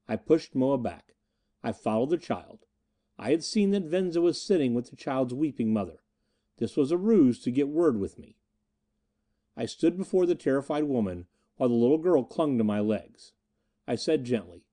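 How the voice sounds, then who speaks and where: A man narrating an adventure audiobook in the first person, reading in an expressive, dramatic way. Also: medium pitch, moderate pace.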